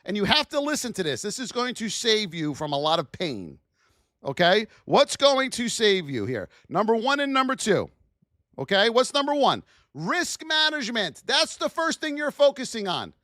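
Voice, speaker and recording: A man hosting a live trading lesson, firing rhetorical questions at his chat in a high-energy, hype-driven way. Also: very animated, moderate pace, a bit bright, dry recording, clean studio sound. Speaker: trading educator hosting a livestream.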